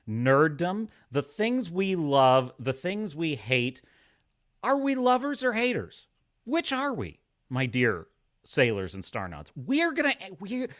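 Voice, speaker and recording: Animated, excitable man hosting a podcast. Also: on the high side. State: over-caffeinated. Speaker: podcast host. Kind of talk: live podcast chat.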